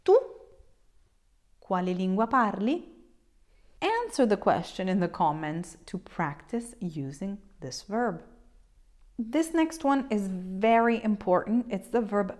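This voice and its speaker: Slow, patient Italian woman teaching. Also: medium pitch, animated, a little mellow. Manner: patient, repeats "okay?" to check in. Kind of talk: slow, clear language lesson.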